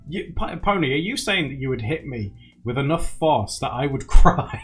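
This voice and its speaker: Man, young, livestream host, lively up-and-down voice, chatty, faint music behind. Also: medium pitch, moderate pace, long pauses. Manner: animated and chatty, laughs often. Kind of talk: casual livestream chat reading viewer comments. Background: faint background music.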